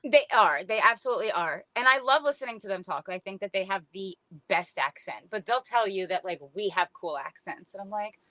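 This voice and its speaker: Woman, middle-aged, chatty storyteller, acts out quotes, mid pitch, dry close sound. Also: lively intonation, brisk, hardly any pauses, bright, forceful tone, no echo. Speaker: podcast guest, book influencer. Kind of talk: casual storytelling chat.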